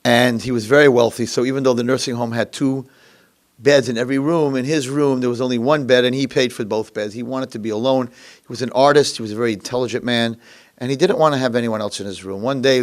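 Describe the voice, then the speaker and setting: A male rabbi telling a story in a dramatic, animated lecture. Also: medium pitch, quick pace.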